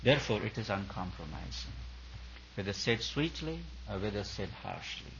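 Earnest low-voiced man giving a spiritual talk. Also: lively intonation, normal speed, creaky, a bit bright, muffled recording, slight background noise. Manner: earnest, repetitive emphatic phrasing. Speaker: spiritual teacher. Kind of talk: spiritual discourse at a retreat.

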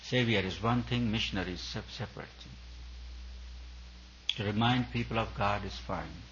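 A man's voice: on the low side, normal speed, fairly bright tone, slight background noise. A man preaching a sermon to a retreat audience as a spiritual teacher, speaking in emphatic, repetitive phrases. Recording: dull lo-fi recording.

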